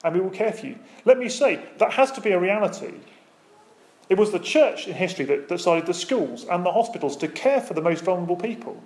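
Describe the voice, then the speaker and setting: A man's voice: sits high, animated, brisk, a little mellow. A man preaching a sermon as pastor, speaking with emphatic, rising and falling intensity and asking the congregation rhetorical questions.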